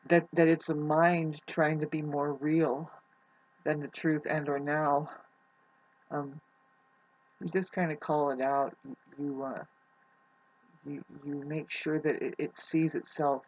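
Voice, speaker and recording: A vlogger musing in a soft, quiet way, hesitant and full of restarts. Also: medium pitch, dull audio. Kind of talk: rambling spiritual musing.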